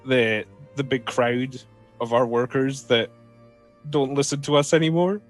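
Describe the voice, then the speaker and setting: A man's voice: medium pitch, measured pace, faint music behind, lightly acted. A man voicing a jittery, nervous young woman clerk who stammers and apologizes.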